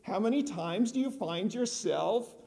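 A man's voice: sits high, lively intonation, measured pace, creaky, darkish tone. An older man preaching a conversational sermon as pastor, often asking the congregation questions.

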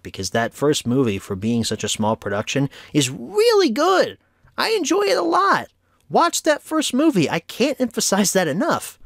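A man's voice: medium pitch, dry recording, clean studio sound. A man hosting a casual home media review vlog, chatty and opinionated as he wraps up an episode. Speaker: movie reviewer, show host.

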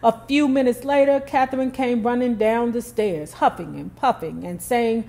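A woman's voice: a little high, moderate pace, creaky, few pauses, darkish tone. A woman telling a true story, reading it out and breaking off for casual, emphatic commentary. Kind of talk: storytelling narration with asides.

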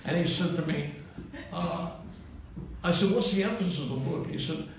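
A man's voice: fairly high pitch, moderate pace. A man in his eighties, a comedian, telling a rambling string of anecdotes to a live audience and chuckling at his own punchlines. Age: 80s. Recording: roomy, distant mic, faint hiss.

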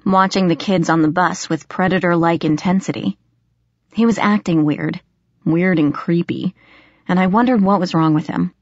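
A woman with a fairly low voice reads a first-person audiobook in a steady, expressive way. The recording is dry and close, with a slightly dull, lo-fi tone. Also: normal speed, no echo. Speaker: audiobook narrator.

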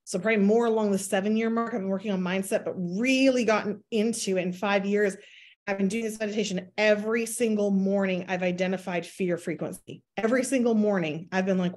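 A woman's voice: medium pitch, brisk, darkish tone. A woman in her thirties giving a motivational talk to her sales team, acting out inner voices in quoted asides. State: pregnant, near her due date. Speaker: network marketing team leader.

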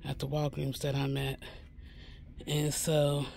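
Casting note: male shopping vlogger, gravelly, unhurried walkthrough filmed on a phone in a store. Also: medium pitch, monotone, darkish tone, slight background noise. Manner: chatty, repeats prices and corrects himself. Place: inside a pharmacy store.

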